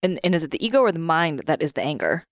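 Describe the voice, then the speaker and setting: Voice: mid-range voice, sing-song, quick pace, dry recording, clean studio sound. Casual chatty podcast host. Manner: casual, chatty, short interjections. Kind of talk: podcast conversation.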